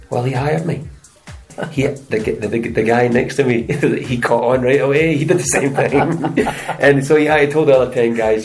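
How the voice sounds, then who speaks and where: A man's voice: medium pitch, brisk, a little mellow, soft background music, poor audio. A middle-aged Scottish man, an actor and stuntman, telling chatty anecdotes in an interview and slipping into voices for the people in them. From Scotland. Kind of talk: casual interview storytelling.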